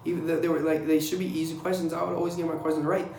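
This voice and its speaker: A young man speaking in a fairly high, gravelly voice, telling casual and profane stories. His delivery is blunt and gets animated whenever he acts out what other people said. The room around him is echoey. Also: racing, slight background noise. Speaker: vlogger recounting navy boot camp. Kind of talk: casual storytelling.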